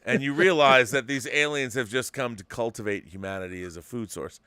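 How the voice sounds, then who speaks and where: A man in his fifties hosting a casual talk show, telling a story with excitement and many restarts. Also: mid-range voice, brisk, smooth, no room sound. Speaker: host. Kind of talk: casual podcast chat.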